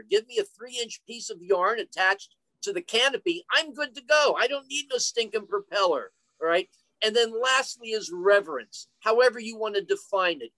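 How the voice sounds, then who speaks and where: A man's voice: high voice, pushed and bright, dry recording, rough recording. An older man presenting an online career talk, chatty and full of stories and joking asides. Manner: chatty, storytelling, jokey asides. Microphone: computer mic on a video call.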